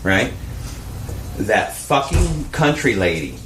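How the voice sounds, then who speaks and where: Male podcast co-host, expressive storyteller, roomy sound with light noise. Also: medium pitch, slow. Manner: animated, profane storytelling with quoted voices. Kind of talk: casual storytelling chat.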